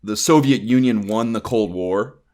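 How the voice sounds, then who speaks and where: A man's voice: on the low side, moderate pace, a little mellow. A man hosting a podcast, telling a rambling, profane story in casual chat and often breaking into laughter. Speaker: podcast host.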